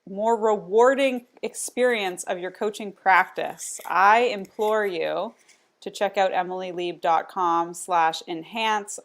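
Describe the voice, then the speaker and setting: A woman's voice: mid-range voice, vocal fry. A woman hosting a casual live-stream chat, upbeat and enthusiastic as she promotes her work. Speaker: coach and host.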